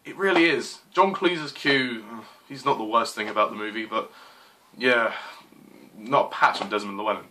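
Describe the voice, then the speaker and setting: A man's voice: mid-range voice, normal speed, sharp tone, a little hiss or hum. Exasperated young man ranting about a movie. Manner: frustrated, exclaiming, swears, apologizes. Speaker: movie reviewer.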